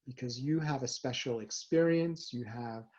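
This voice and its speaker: An upbeat man coaching presenters straight to camera, his voice mellow and relaxed. He talks in an animated way, with quick asides and rhetorical questions. The recording sounds a little dull and lo-fi. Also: mid-range voice, slightly rough. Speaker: host and facilitation coach. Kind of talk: scripted talk to camera.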